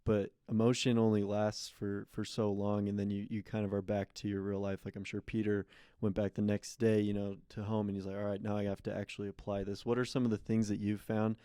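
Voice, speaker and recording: A man co-hosting a podcast, asking a guest questions in a thoughtful, halting, casual way. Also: fairly low pitch, little pitch movement, mellow, clear, resonant tone, dry recording, clean studio sound. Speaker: podcast co-host. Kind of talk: casual interview chat.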